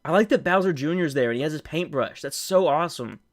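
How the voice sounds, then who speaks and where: A young man streaming live from home, reacting with loud excitement and laughter, with faint music behind. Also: a little high, fast. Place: home room.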